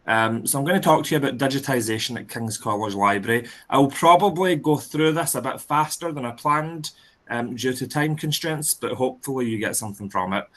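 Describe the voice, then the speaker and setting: A man's voice: mid-range voice, a little fast, fairly bright tone. A Scottish man giving a webinar presentation over a video call, speaking steadily with frequent "um" fillers. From Scotland. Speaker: library speaker.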